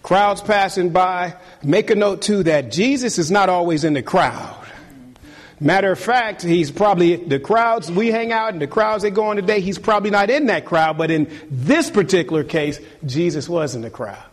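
A man's voice: high-pitched, normal speed. A man preaching a sermon, exhorting his listeners and hammering home key phrases through repetition.

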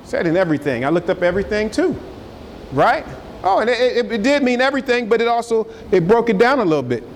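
In a church sanctuary, a man with a high-pitched, very animated voice preaches quickly and emphatically, calling out to his congregation. Faint noise and a large hall's long reverb fill the recording.

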